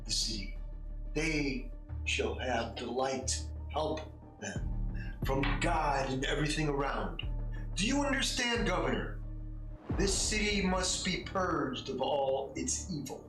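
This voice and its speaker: Man voicing a fanatical cardinal, preaching, booming, echoey room, music under. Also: animated, slow, distant mic. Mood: commanding. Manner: preaching, thundering proclamations. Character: zealous male cardinal commanding the faithful.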